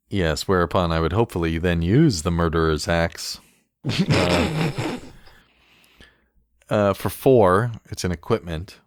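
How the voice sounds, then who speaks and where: A man's voice: low-pitched, very animated, slow, pauses often, dry recording, clean studio sound. A man co-hosting a casual podcast, reviewing game cards in a wry tone, laughing often and reading card text aloud. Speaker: podcast co-host.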